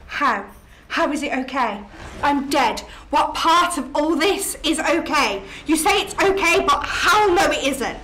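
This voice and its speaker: A high, slow-spoken young ghost, anguished and prone to swearing outbursts. The recording carries a faint hiss. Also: female voice, animated, a bit bright. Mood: angry. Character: young woman ghost, frustrated, murdered. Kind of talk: film drama acting.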